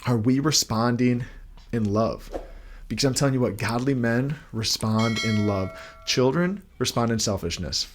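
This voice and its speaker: A man's voice: mid-range voice, normal speed, faint music behind. A young man giving an earnest devotional talk as a podcast host, asking many questions while holding his baby at home.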